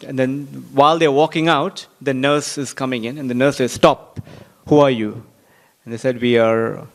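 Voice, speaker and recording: A man gives a scripture class at a temple and tells a story as he goes. He acts out the voices of the people in it with animated shifts, often pausing with "you know" and "um." His pitch sits in the middle of the range. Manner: lively storyteller acting out quoted voices, many fillers. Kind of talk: storytelling sermon. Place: temple hall.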